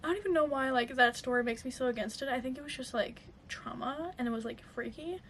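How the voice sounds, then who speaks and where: A woman's voice: high-pitched, quick pace, a bit bright, slight background noise. A young woman telling a casual storytime to her vlog audience, chatty and full of fillers. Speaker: vlogger.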